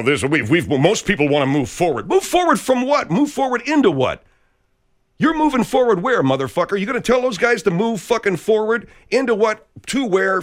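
Furious swearing man with a lively voice. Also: mid-range voice. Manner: furious, swearing constantly, sarcastic. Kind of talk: angry profane rant.

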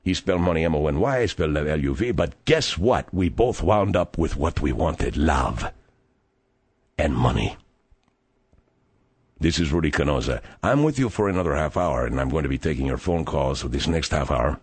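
A man with a Spanish accent hosting a radio talk show, rambling and halting through his thoughts with many fillers and stammers. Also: a bass voice, animated, a little mellow, husky, no echo. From abroad, moved to America. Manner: halting, stammering, full of fillers and drifting tangents.

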